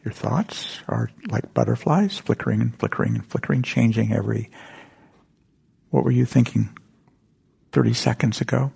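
Older man, dharma talk; dark, raspy voice, halting and soft-spoken. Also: medium pitch. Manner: gentle, halting storytelling with frequent whispered asides. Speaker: meditation teacher. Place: meditation center hall.

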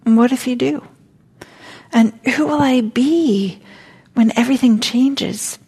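A woman's voice: a little high, slow pace, warm tone, husky, pitched above the performer's own voice, heavily acted. A woman reading a poem aloud and voicing Fear, a playful, taunting male figure who teases with curt questions.

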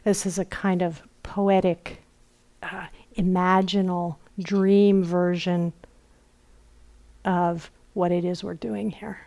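A middle-aged woman giving a dharma talk as a meditation teacher. She tells stories gently and softly, dropping at times into a near whisper. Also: lowish voice, flat delivery. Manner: slow, gentle storytelling with soft whispered asides. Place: retreat center meditation hall.

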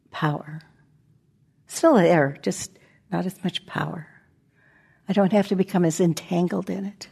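A woman's voice: medium pitch, vocal fry, dark tone, slightly rough. A woman meditation teacher giving a conversational dharma talk, now and then dropping to a near-whisper. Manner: conversational, acts out inner voices, drops to near-whispers.

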